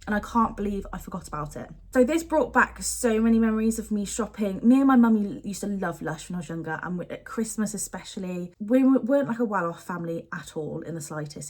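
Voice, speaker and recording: A woman's voice: mid-range voice, darkish tone, husky. A young woman, chatting casually and gushing to camera about beauty products she misses. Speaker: beauty vlogger.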